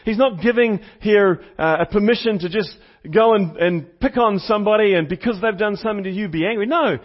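A pastor delivers a sermon in a high, fairly quick voice, teaching step by step, repeating key points for emphasis, and asking the congregation questions. The recording sounds slightly dull and lo-fi.

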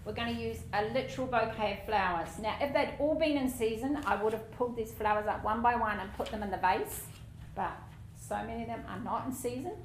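A woman's voice: a little high, a little fast. Woman, Bible teacher, chatty, self-deprecating asides, roomy church hall, faint background noise.

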